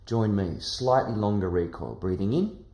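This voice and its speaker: Male vocal coach with a low voice, unhurried and gentle, guiding breathing exercises in an echoey room. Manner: calm, gentle coaching with demonstration sighs. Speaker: singing teacher. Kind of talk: guided vocal lesson.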